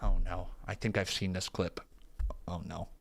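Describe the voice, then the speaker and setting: A man reacting to wrestling clips in a casual, self-mocking way, often yelping and shouting. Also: low voice, moderate pace, vocal fry, very noisy. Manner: excitable, yelps and shouts in reaction. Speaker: wrestling YouTuber.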